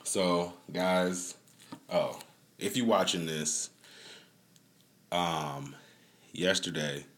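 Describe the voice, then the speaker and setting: A man's voice: low voice, fairly even intonation, drawn-out words, long pauses, fairly bright tone, a little hiss or hum. A man hosting his own streamed podcast, talking casually, swearing and rambling as he vents, recorded on a phone set up indoors. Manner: profane, rambling, venting with laughs. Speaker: podcast host. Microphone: phone on a stand.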